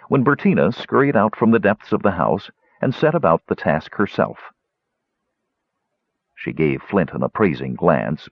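A man reading a story aloud as narrator, with animated delivery. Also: low-pitched, vocal fry, breathy edge, dry recording, muffled recording. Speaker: audiobook narrator. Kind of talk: scripted narration.

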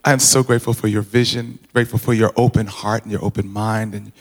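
A man giving an earnest, halting testimony of thanks to his church, often restarting his sentences. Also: fairly low pitch, level tone. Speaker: congregant sharing gratitude. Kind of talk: informal personal testimony. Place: church sanctuary. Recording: reverberant hall.

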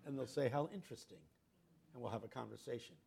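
An older man giving a sermon as a guest preacher, telling a story dramatically, dropping to a hush and then rising loud as he acts out the people in it. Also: medium pitch, fast, vocal fry, breathy edge. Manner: dramatic storyteller, swings from hushed to loud, acts out quoted voices.

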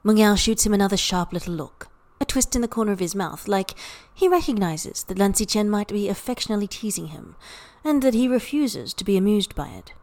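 A woman narrating a story for a podfic in even, unhurried storytelling. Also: mid-range voice. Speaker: podfic reader. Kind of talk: scripted narration.

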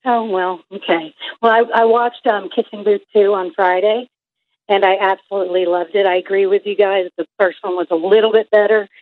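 A woman's voice: mid-range voice, steady tone, a little fast, no echo. A middle-aged woman from California calling in to a radio show, chatting enthusiastically. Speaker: caller. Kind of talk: radio call. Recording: phone line.

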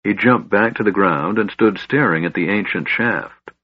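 A man reading fantasy narration in a steady, measured storytelling voice. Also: on the low side, husky, dry recording, lo-fi sound. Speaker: audiobook narrator.

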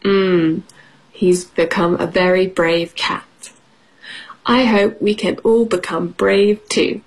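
A woman's voice: lowish voice, fairly even intonation, slow, husky. A woman teaching English on the radio, reading a children's storybook playfully, with sound effects and questions for the children.

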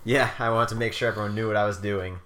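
A man's voice: fairly low pitch, fairly even intonation, fast talker, fairly bright tone, echoey room. A man co-hosting a casual podcast, teasing dryly and hesitating with ums. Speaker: podcast co-host. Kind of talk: casual chat.

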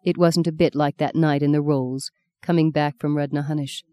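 A woman narrating an audiobook in a steady, measured way. Her voice is low-set and mellow. The close studio recording is dry, with no room around it. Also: dry recording. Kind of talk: scripted narration.

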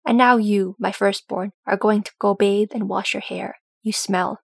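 A woman's voice: medium pitch, fairly even intonation, unhurried, creaky, breathy edge, no echo. A woman voicing a stern, loving old male dwarf lord who speaks to his son in a firm, commanding way. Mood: gently teasing.

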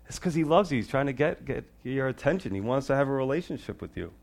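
A man preaching a sermon as pastor, shifting between loud, high emphasis and quiet, low asides. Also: expressive, quick pace, hardly any pauses.

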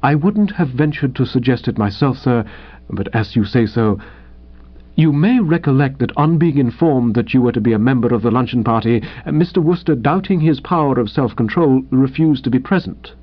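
A man voicing an unflappable, deferential male valet who speaks softly and smoothly. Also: mid-range voice, expressive, normal speed, lightly acted. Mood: suave. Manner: soft, unruffled and deferential. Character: suave, imperturbable middle-aged male valet. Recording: dull lo-fi audio.

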